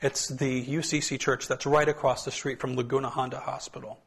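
A man speaking as a pastor in a relaxed, chatty talk to a church group, his voice a bit hoarse from allergies, on a hand mic. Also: mid-range voice, a little fast. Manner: relaxed, chatty, self-deprecating asides.

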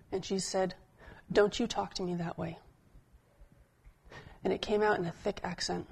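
A woman's voice: medium pitch, creaky, darkish tone, breathy edge. Woman pastor preaching in a conversational way. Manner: conversational storytelling preaching, slowing for emphasis. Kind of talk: sermon.

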